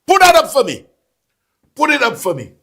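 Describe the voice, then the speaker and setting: A man hosting a casual talk show, animated and laughing, repeating phrases for emphasis. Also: very high voice, normal speed. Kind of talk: casual call-in political chat.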